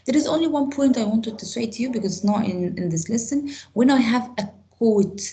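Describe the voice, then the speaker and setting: A woman's voice: on the high side, fairly quick, mellow, poor audio. A woman with an Egyptian accent teaching an online grammar class, often repeating and restarting her phrases as she explains.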